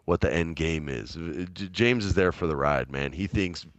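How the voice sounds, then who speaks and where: A man in his late thirties from New Mexico telling an animated story in a casual interview. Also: rumbling low, normal speed, no echo. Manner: animated, chatty, uses lots of fillers. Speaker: guest, actor.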